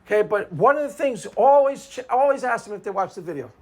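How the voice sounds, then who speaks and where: A man's voice: sits high, expressive, fast. Male video commentator, unscripted monologue, sarcastic and combative, hammers each point twice.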